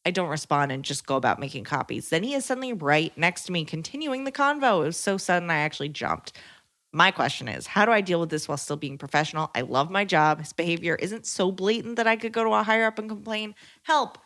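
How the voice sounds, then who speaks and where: A woman's voice: fairly low pitch, expressive, fast, a bit bright. A woman co-hosting a podcast, reading listener letters aloud and chiming in with short agreements. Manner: reads letters evenly, short agreeing replies.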